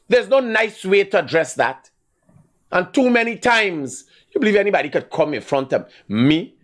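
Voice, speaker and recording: Guyanese guy hosting a call-in show, kinda high voice, blunt and heated, scolds callers hard. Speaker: host taking calls.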